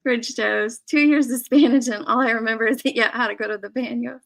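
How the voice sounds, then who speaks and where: Chatty woman with a gravelly edge. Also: on the high side, steady tone, a little fast, a bit bright. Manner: giggly, chatty. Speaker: host. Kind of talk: casual chat.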